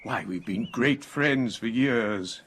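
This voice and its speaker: An actor playing a well-spoken elderly English expatriate in a radio comedy, eager and explanatory. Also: male voice, mid-range voice, takes it slowly, a bit bright, breathy edge. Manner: polished, eager, lecturing.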